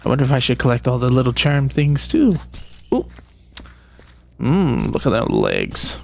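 A man's voice: mid-range voice, huge pitch swings, moderate pace, gravelly, long pauses, a little mellow, slight background noise. A man giving playful, rambling gameplay commentary, tossing jokey mock-sinister asides at game characters. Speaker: gaming video creator.

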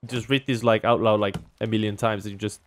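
A man giving casual gameplay commentary as a gaming YouTuber, talking to himself and jumping from loud outbursts to mumbling. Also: on the low side, little pitch movement, fairly quick.

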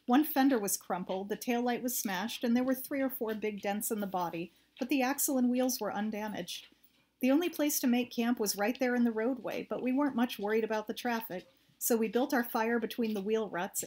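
A woman reading a first-person story aloud in a steady, plain narrating voice. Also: medium pitch. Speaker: audiobook reader.

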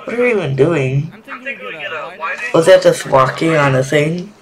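A man's voice: a little high, animated, unhurried, crowd noise. A man playing a horror game on stream, jumpy and repeating himself whenever he gets scared. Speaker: gaming video creator. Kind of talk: horror game let's-play commentary. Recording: keyboard typing noise behind voice.

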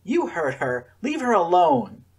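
A man's voice: on the high side, sing-song, moderate pace, husky, voice pushed up. A man voicing a blunt, sardonic fourteen-year-old girl in a storybook.

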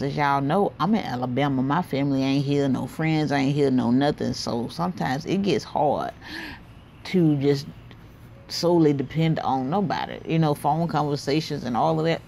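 A woman vlogging outdoors on her back porch, talking candidly and warmly to her viewers in a chatty, heartfelt way. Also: low voice, creaky, a little hiss or hum. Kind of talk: casual vlog talk to camera.

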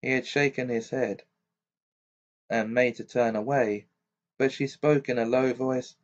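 A man's voice: mid-range voice, fairly even intonation, measured pace, pauses often. A man narrating an amateur audiobook, reading steadily with occasional stumbles. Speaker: audiobook reader. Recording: dull lo-fi recording.

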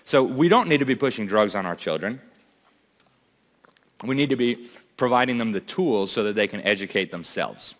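A man speaks from a stage to a conference crowd, urgent and emphatic, firing off rhetorical questions. His voice sits fairly low. The sound rings with the long reverb of a big hall. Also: lively intonation, normal speed, long pauses. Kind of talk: impassioned speech to a live audience. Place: large event hall.

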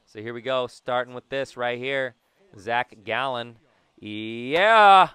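A young man from Southern California giving casual, jokey commentary over a baseball video game, breaking into yelps and shouts. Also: medium pitch, flat delivery, a little slow, clean tone, no echo. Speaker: gaming YouTuber.

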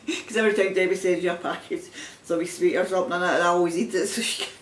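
A Scottish woman with a fairly low voice talks fast and fairly evenly, chatting casually to camera as a knitting vlogger while showing items, rambling and laughing often. The sound is roomy, picked up by a distant mic, with faint background noise.

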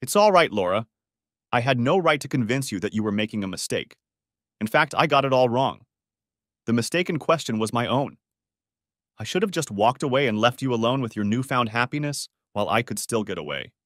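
A man's voice: medium pitch, animated, a little fast, a bit bright, no echo, studio quality, close to an everyday voice. A man voicing a betrayed husband who speaks in a weary, bitter and self-mocking way in an audiobook. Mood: resigned bitterness. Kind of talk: audiobook character voice.

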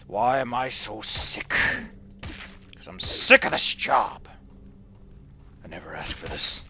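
A man's voice: fairly low pitch, animated, slow, pushed and bright, pitched below the performer's own voice, exaggerated voice. Fields: man putting on a groaning, sulky sick adventurer. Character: grumpy sick male adventurer sick of his job.

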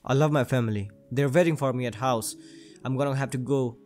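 A man's voice: medium pitch, fairly quick, faint music behind. Jokey young man commenting on gameplay. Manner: jokey, excitable, swears. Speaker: gaming channel host.

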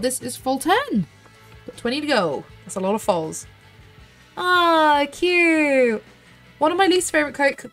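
A British woman of thirty hosts her gaming video in a chatty, bubbly way, thinking aloud and squealing at small wins. Her voice sits a little high. Soft music plays faintly under her talk. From United Kingdom. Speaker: gaming channel host. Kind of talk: casual gameplay commentary.

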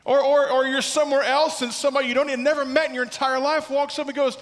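This male pastor speaks in a very high, level voice, moving fast with few pauses. Preaching emphatically in the sanctuary, he hammers key words again and again and questions his congregation. Church hall reverb colors the sound.

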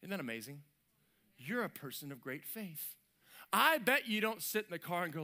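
A man preaching a sermon as pastor, animated and lively, acting out little voices and sound effects. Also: high voice, normal speed. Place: church stage.

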